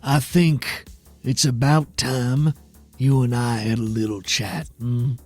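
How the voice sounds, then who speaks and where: A man's voice: medium pitch, fairly even intonation, takes it slowly, darkish tone, soft background music. A man voicing a towering, cunning reptile official with an imperious, knowing manner, in a tabletop game. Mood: sly.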